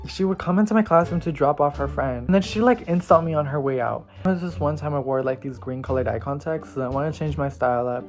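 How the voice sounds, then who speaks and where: Talking fast with hardly any pauses, this slightly high-voiced man vlogs a chatty storytime packed with "like," performing other people's quotes. Faint background music plays.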